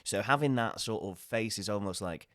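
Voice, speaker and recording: A young man hosting a podcast, telling stories with quick, expressive jumps into the voices of the people he quotes. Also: on the low side, no room sound, clean studio sound. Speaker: podcast host. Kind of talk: casual podcast chat.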